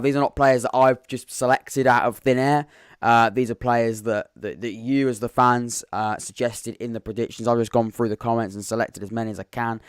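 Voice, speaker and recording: Low, smooth-voiced man rambling about football. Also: no room sound, studio quality. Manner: rambling, thinks aloud while reading comments. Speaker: podcast host. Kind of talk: live-stream football chat.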